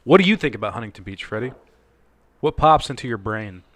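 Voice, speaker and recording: A man's voice: medium pitch, lively intonation, a little fast, a bit bright. A man in his thirties co-hosting a casual podcast while drinking, boisterous and profane, jumping between topics. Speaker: podcast co-host.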